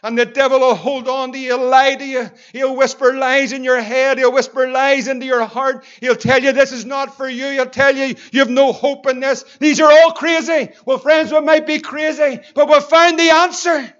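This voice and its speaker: High-voiced pastor preaching. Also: male voice, flat delivery, normal speed, few pauses, clean tone, dull audio. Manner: impassioned preaching, swinging between loud and hushed. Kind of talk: sermon.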